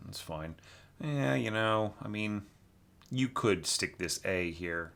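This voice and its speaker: A man's voice: on the low side, expressive, slow pace, vocal fry, fairly bright tone. A man giving a casual spoken critique of a student's orchestration, with lots of fillers and tag questions. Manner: informal, hums and scats musical lines to show phrasing. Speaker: orchestration teacher reviewing a student score.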